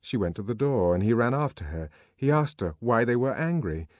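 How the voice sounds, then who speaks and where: This audiobook is read by a man with a medium-pitched voice, paced and expressive in his storytelling. A close studio mic captures it without echo.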